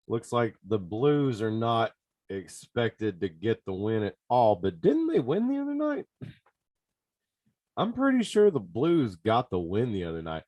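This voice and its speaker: A man hosts a casual sports betting podcast, his voice sitting on the low side. He talks straight to his listeners in an excitable, chatty way. The sound is dry and close, with no room around it. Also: no echo. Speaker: podcast host.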